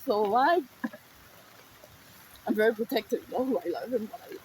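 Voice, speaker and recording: A woman's voice: fairly high pitch, animated, normal speed, long pauses, darkish tone, slight background noise, low-quality recording. A woman telling a personal story in a raw, emotional, profane way.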